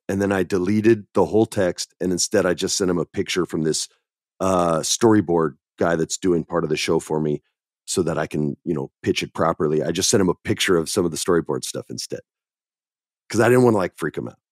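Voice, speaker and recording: A middle-aged man hosting a podcast, chatting casually and telling stories with animated emphasis. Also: low voice, a little fast, no echo, studio quality. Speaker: podcast host. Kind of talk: casual chat.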